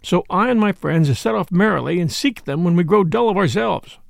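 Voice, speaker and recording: A merry, shrewd outlaw chief, as a man puts him on in a storybook reading, full of quaint old-fashioned turns of phrase. The voice sits high and lively with a gravelly edge, heard dry and close. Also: normal speed, no echo, exaggerated voice. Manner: archaic, courtly old-fashioned speech. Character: jolly bold male outlaw leader, merry and shrewd.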